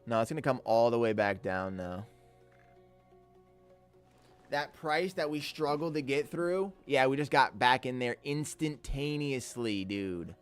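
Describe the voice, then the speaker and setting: A young man live-streaming his day trading, excitable and swearing often as he talks to his chat. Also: mid-range voice, a little slow, smooth. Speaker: livestreaming day trader. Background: faint music.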